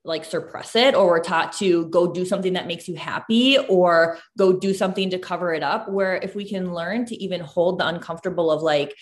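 A woman's voice: fairly low pitch, brisk, hardly any pauses. A woman in her thirties, a mom and business owner, chatting casually as a podcast host and filling her talk with "like". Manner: chatty, lots of "like" fillers, animated storytelling. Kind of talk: casual conversational chat.

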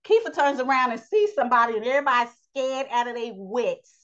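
A woman teaching a daily Bible lesson with lively, repetitive preaching, calling her listeners "child" and "honey". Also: on the high side, quick pace, dull audio. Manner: Southern-style vernacular, repeats phrases.

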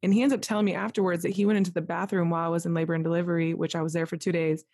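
A woman guest on a podcast telling an emotional personal story in a lively, rambling way, full of "like", acting out what others said. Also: fairly low pitch, very fast, no echo, studio quality. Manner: animated, full of "like", acts out quoted voices. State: tearful at moments.

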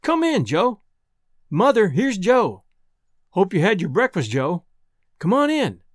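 A woman's voice: mid-range voice, very animated, measured pace, dry recording, studio quality. A man voicing a sweet young village girl. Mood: cheerful. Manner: bright, tender.

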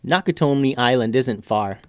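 A man's voice: medium pitch, normal speed, no echo, studio quality, lightly acted. A man voicing a cheerful young ninja in a storybook who loves telling puns. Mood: calm. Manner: upbeat, joking.

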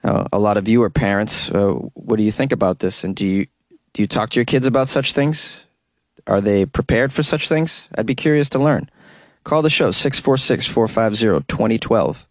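A man's voice: lowish voice, moderate pace, no echo, studio quality. A man hosting a radio talk show, reading news stories and adding wry, sarcastic asides in a casual way.

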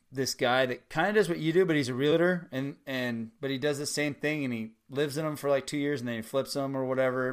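Animated man telling a story. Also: mid-range voice, clean tone. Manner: animated storyteller, acts out dialogue. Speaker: salesman guest. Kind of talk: casual podcast chat.

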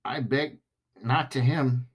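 Brief: male podcast host, slow and rambling, self-mocking jokes. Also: medium pitch, husky. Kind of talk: comedic podcast monologue.

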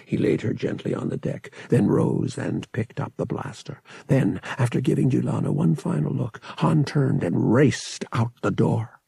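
A man reading an audiobook in steady, measured narration. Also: mid-range voice, vocal fry, breathy edge, dry recording.

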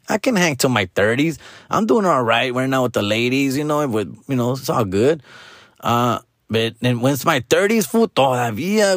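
A man's voice: mid-range voice, no echo, studio quality. Profane Mexican-American man telling a story. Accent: Mexican-American English, code-switching to Spanish. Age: 40s. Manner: profane, slangy, animated storytelling. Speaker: podcast host. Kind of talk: casual storytelling monologue.

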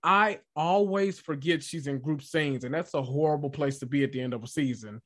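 A man chatting casually about reality TV as a podcast host, analytical and animated when quoting people. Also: a little high, fairly quick. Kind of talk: casual reality-TV recap chat.

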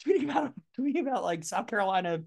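A woman's voice: fairly high pitch, very animated, fast, creaky, darkish tone. A woman co-hosting a sports podcast in casual chat, teasing and playfully exasperated. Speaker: podcast co-host and broadcast analyst.

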